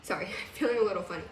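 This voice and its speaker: A woman's voice: on the low side, reverberant, far from the mic. A woman teaching a piano lesson on video, chatty and casual, laughing now and then. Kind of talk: recorded music lesson. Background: piano playing.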